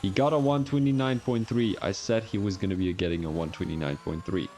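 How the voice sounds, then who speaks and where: A man's voice: low voice, brisk, darkish tone, slight background noise. A man with a Belgian accent giving rambling, joking, self-mocking commentary on a live-streamed sim racing league.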